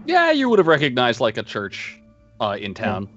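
A man runs a tabletop game, describing scenes in loose, conversational narration. His voice is bright and a little pressed. Faint music plays behind him. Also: medium pitch, huge pitch swings, normal speed, highs cut off. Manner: casual, conversational narration with restarts. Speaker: game master.

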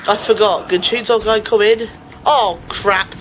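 A man commentates a game as he plays it, swinging from joking to panicked shouts and laughter. His voice sits high. Clear noise runs under the home recording. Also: fairly even intonation, measured pace. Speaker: gamer. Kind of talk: let's play commentary.

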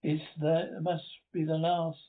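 A man's voice: a little high, completely flat delivery, a little slow, close to an everyday voice. A man reading a devoted young suitor. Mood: impassioned. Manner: impassioned, declaiming. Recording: tinny lo-fi recording.

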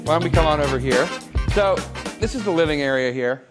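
A man's voice: a little high, lively intonation, fairly quick, over loud music, natural voice. A man playing a smug, rambling rich guy. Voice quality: boastful, rambling, mock-sentimental. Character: smug, oblivious rich young man showing off his loft. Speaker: comedic character giving a home tour. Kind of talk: improvised parody home-tour sketch. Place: apartment loft, walking room to room.

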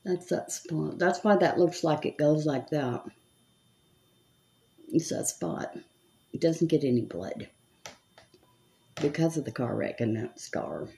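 Chatty older woman, slow and lively. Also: low voice, vocal fry. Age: 70s. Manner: chatty, muttering to herself as she works. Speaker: makeup vlogger. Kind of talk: casual chat while doing makeup.

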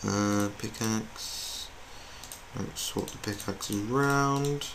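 A young male gamer rambles through gameplay commentary, poking fun at himself as he plays. His voice is fairly low and fairly bright, with words drawn out. The home recording is noisy, with keyboard clicks audible.

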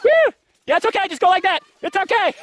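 A man's voice: very high voice, fairly quick, fairly bright tone. A man filming friends on a ski trip outdoors, cheering them on, teasing and laughing often in casual commentary. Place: outdoors on a snowy hill. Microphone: handheld camera.

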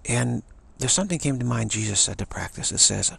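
A man's voice: medium pitch, expressive, fairly quick, creaky, a bit bright, husky. A man telling a personal story as a spiritual teacher, repeating key phrases and slipping into whispered asides. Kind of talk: casual storytelling talk.

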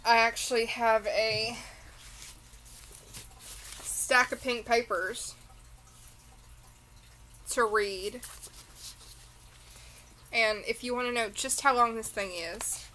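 A woman with a Southern US accent, talking in an unhurried, drawn-out way as she unboxes beauty products. Her voice sits a little high and sounds bright. She is tired and rambles off into tangents. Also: steady tone, a little hiss or hum, rough recording. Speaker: beauty vlogger. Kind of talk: casual unboxing chat.

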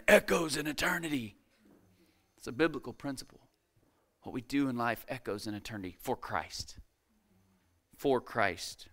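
Bright, crisp-voiced male preacher. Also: mid-range voice. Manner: emphatic, repeats key phrases and calls out to the congregation; reads scripture aloud with rising intensity. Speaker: guest preacher. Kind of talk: sermon. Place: church service.

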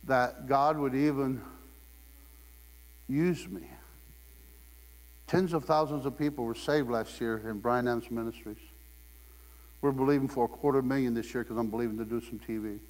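A man's voice: medium pitch, normal speed, pauses often. A man preaching a sermon in a church, telling humorous stories and acting out the voices of the people in them. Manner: animated storyteller, acts out quotes in raised voice. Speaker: guest preacher. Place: church sanctuary. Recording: long hall reverb, mains hum.

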